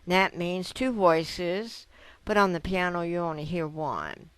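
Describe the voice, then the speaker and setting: A woman's voice: lowish voice, lively intonation, unhurried, fairly bright tone, smooth, no echo. A woman giving a piano lesson, patiently explaining step by step and counting notes aloud. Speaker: piano teacher. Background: piano notes played between phrases.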